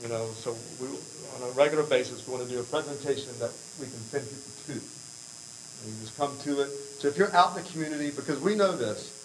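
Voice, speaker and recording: A man's voice: mid-range voice, fairly quick, a little hiss or hum, rough recording. An American man speaking earnestly at a church mission presentation, rambling a little with fillers and restarts. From United States.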